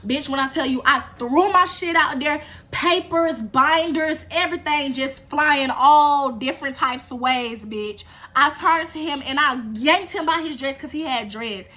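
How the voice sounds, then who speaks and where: A woman telling a casual storytime tale, animated and profane, with fight sound effects. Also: high-pitched, unhurried, hardly any pauses. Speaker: storyteller vlogger.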